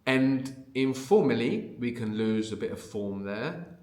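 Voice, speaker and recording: A man's voice: medium pitch, expressive, measured pace, darkish tone. Man teaching in an echoey room. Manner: explanatory, often ends points with a questioning "no?". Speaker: language teacher. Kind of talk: guided language lesson.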